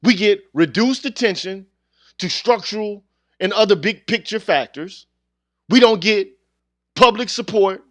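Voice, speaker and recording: Speaking at a measured pace, this man's high voice carries no echo. He hosts his own channel and delivers a blunt, slang-heavy rant, confrontational and heated, in a casual address to his viewers.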